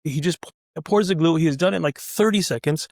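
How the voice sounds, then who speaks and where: A middle-aged male physician, talking as an interview guest, telling his stories at a brisk pace. He is animated and often restarts his sentences. The sound is close and dry. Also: fairly high pitch, dry recording. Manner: animated, many restarts and fillers. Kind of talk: casual anecdotal storytelling.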